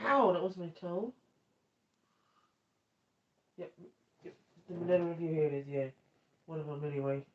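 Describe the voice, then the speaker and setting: A woman ASMR streamer chatting in a soft-spoken, rambling manner during a livestream. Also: low voice, moderate pace, pauses often. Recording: dull lo-fi stream audio.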